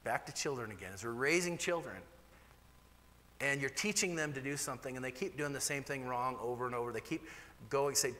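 A man preaching from the front of a church, his voice bright and forceful. His talk is candid and animated, and his pitch leaps up now and then. The hall rings with a long reverb behind him. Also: a little fast. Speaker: pastor. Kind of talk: sermon.

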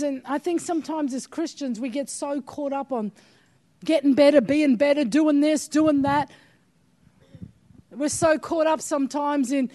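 Older female preacher, high voice, emphatic sermon delivery. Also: warm tone. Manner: emphatic, urging with repeated "come on".

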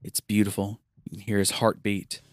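A man's voice: on the low side, little pitch movement, moderate pace, no echo, studio quality. Chatty man commenting on a video game. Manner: chatty, enthusiastic, retells dialogue. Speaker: gameplay commentator. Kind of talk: casual let's-play commentary.

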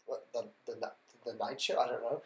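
A man's voice: medium pitch, fairly even intonation, a little mellow. A young man hosting a podcast in casual chat, rambling and trailing off as he goes. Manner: rambling, quick, trailing off mid-sentence. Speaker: podcast host. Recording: echoey room.

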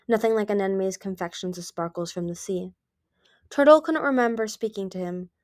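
A woman's voice: medium pitch, dry recording. Woman reading a story aloud, dry. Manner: reads with small slips and restarts. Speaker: audiobook reader.

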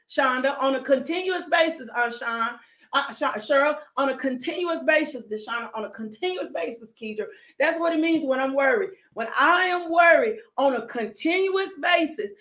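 A woman's voice: sits high, a bit bright. A woman preaching a fervent sermon. She breaks into sudden whoops and leads call-and-response, calling out to congregation members by name.

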